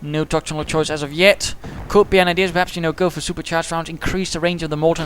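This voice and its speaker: Fast-talking male game commentator. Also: on the high side, a bit bright, slight background noise. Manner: fast, chatty, dryly humorous, British turns of phrase.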